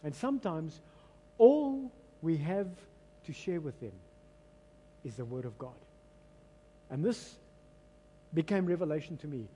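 A pastor with a South African English accent speaks at normal speed in a slightly high voice, pausing often, with slight background noise and long hall reverb in the church hall. Animated and dramatic, he tells scripture as a story and leads the congregation in call-and-response during his sermon.

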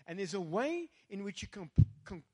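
A man's voice: high-pitched, very animated, moderate pace, slightly rough. A man with a South African accent preaching a rousing sermon, calling out to the congregation and slipping into Afrikaans phrases. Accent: South African English. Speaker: pastor.

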